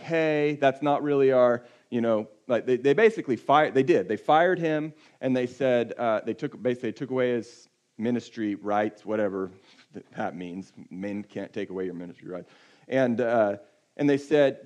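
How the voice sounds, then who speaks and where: A man preaching a sermon in a conversational way. He often drops to a low, quiet voice for emphasis. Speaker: pastor.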